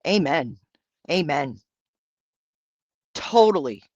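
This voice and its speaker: A man's voice: on the high side, animated, slow pace, a little mellow, dry recording, highs cut off. A man hosting a livestream, reading out and answering viewer comments in brash, profane, campy banter. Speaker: livestream host.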